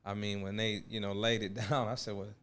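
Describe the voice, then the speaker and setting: A man's voice: fairly low pitch, level tone, a little fast, a bit bright, clean tone. A man from Detroit, a basketball coach and author, telling his life story in an earnest, casual way and often saying "you know.". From Detroit, USA. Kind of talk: casual interview talk.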